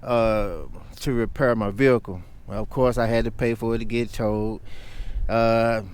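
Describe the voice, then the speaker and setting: A man's voice: medium pitch, little pitch movement, unhurried, a little mellow, clear, resonant tone. A man vlogging, telling a story in a heated, emphatic rant.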